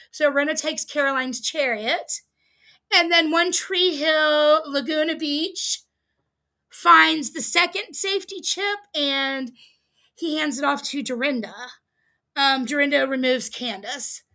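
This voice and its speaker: Bright, high-voiced woman chatting casually. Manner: chatty, laughs often, many ums, amused asides. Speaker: podcast host recapping a reality show. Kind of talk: casual livestream recap. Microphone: streaming setup, close mic.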